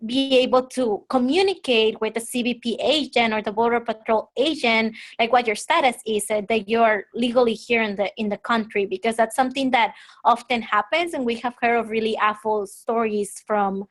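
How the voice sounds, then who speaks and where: A woman joins the webinar with earnest, practical advice. Her voice sits a little above the usual pitch, and her delivery stays steady and advising. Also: moderate pace. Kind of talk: webinar discussion.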